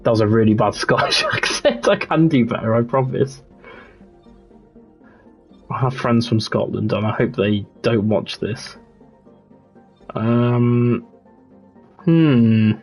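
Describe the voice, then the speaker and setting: A young man streaming a game, chatting in a relaxed, rambling way and answering his chat as he plays. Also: medium pitch, slow, pauses often, soft background music. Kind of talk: casual livestream chat.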